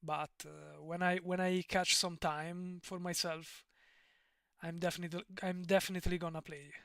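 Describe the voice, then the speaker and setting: A man's voice: sits high, flat delivery, normal speed, vocal fry, pushed and bright, no echo, clean studio sound. Giggly man with an Italian accent. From Italy. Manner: giggly, rambling, often digresses. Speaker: streamer. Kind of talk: casual live-stream chat.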